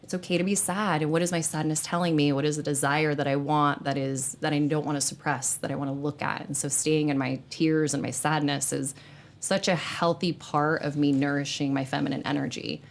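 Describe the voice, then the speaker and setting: A woman's voice: sits low, fairly even intonation, fairly quick. A woman hosting a podcast, talking earnestly in casual spiritual chat, rambling with plenty of fillers. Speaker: podcast host.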